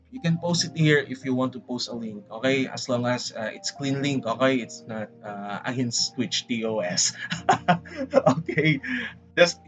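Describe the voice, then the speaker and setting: A Filipino man with a Filipino English accent chats casually on a livestream, rambling and dramatic as he speaks directly to his chat. His voice sits at medium pitch with a fairly bright tone. The stream audio is dull and lo-fi, with faint music in the background.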